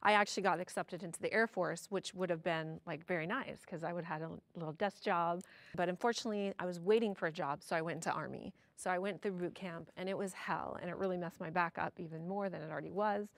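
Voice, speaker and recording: A woman debate participant arguing earnestly, halting as she explains her view. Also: lowish voice, dry recording. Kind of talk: debate argument.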